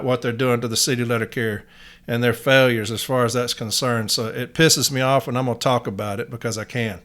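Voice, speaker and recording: A podcast host from Nashville, Tennessee, speaks with a Southern accent in a medium-pitched, slightly bright voice. His monologue is blunt and folksy, and he uses "y'all."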